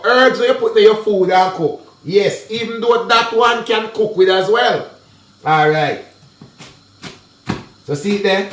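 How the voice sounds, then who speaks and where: In a kitchen with an echoey room sound, a man with a high voice and a Jamaican accent chats casually while giving a cooking tutorial. This cooking vlogger speaks straight to his viewers, blending patois and English.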